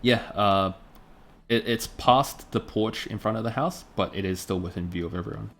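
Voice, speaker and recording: A man running a tabletop game as game master, narrating in a casual, relaxed way. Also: on the low side, moderate pace, faint music behind.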